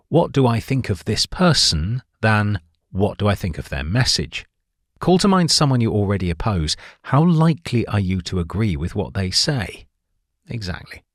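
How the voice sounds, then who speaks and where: A man with a fairly low voice narrates a nonfiction book summary, his pitch moving up and down a lot as he leans on key words. The delivery is clear and measured, recorded close and dry with no room sound. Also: dry recording.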